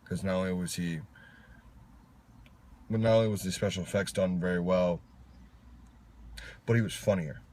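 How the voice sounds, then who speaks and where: Deep-voiced opinionated man chatting films. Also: fairly even intonation, moderate pace, long pauses, a little mellow. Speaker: co-host reviewing films. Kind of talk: casual chat. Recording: faint background noise.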